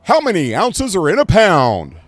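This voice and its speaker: A booming game show host. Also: male voice, wildly swooping pitch, faint music behind, heavily acted. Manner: loud, drawn-out announcer delivery.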